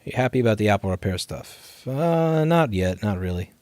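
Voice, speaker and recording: A man's voice: on the low side, animated, normal speed, darkish tone, dry recording. A man hosting a casual live question-and-answer stream from his repair shop, talking animatedly, swearing and laughing often. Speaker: livestream host.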